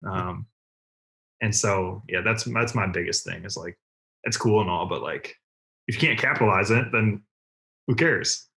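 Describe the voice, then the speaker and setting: A young man from Ohio, a guest on a casual podcast, talking in a relaxed, rambling way with many fillers. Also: on the low side, unhurried, gravelly, long pauses. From Cleveland, Ohio. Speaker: guest, car content creator.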